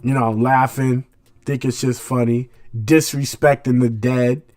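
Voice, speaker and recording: A man's voice: medium pitch, fairly even intonation, a little slow, a little mellow, no room sound. Blunt man preaching in street slang. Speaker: radio show host. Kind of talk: casual commentary monologue.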